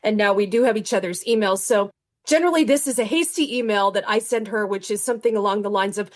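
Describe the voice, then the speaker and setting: A woman writer talks through her process in an easy, conversational way. She often stops and restarts her sentences and fills pauses as she goes. Her voice sits at a middle pitch. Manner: chatty, with frequent fillers and restarts. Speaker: author. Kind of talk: reading acknowledgments, then casual interview talk.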